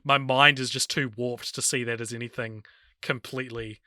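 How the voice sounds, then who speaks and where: Man, podcast co-host, film review chat, amused, laughs a lot, halting, very bright tone, dry close sound. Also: medium pitch, fairly even intonation, dry recording.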